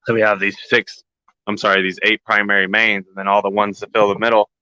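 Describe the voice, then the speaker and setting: A man's voice: fairly low pitch, level tone, brisk, sharp tone, clear, resonant tone, no echo, muffled recording. A man hosting a casual walkthrough vlog, rambling and joking, short on sleep. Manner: rambling, jokey, talks to his plants. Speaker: grow channel host.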